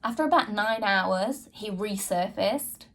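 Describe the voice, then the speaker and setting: Speaking a little slowly in a medium-pitched, slightly bright voice, a podcast host tells a personal story earnestly and frankly. She turns to her listeners directly and reenacts dialogue from her own past.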